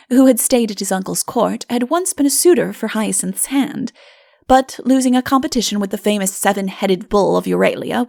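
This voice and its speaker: Gravelly-voiced woman narrating a fairy tale. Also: mid-range voice, darkish tone, dry recording, clean studio sound. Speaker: audiobook narrator. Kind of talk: scripted storybook narration.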